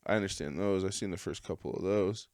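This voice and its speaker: A man's voice: low voice, quick pace, darkish tone, dry recording, studio quality. A man hosting a podcast, telling a rambling, profane story in a casual monologue and laughing at his own jokes. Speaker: podcast host.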